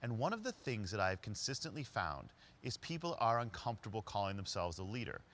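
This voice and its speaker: A man giving a storytelling talk as a leadership speaker, narrating conversationally and quickly. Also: fairly low pitch. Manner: conversational, quick narration with lively quoted voices.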